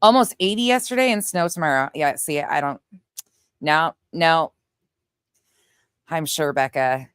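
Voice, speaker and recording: A middle-aged Southern woman hosts a casual livestream, chatting loosely with viewers and laughing a lot. Her voice sits a little low for a woman. The sound is dry and close, with no room echo. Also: measured pace, pauses often, a bit bright, clean tone. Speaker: livestream host. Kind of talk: casual livestream chat reading comments.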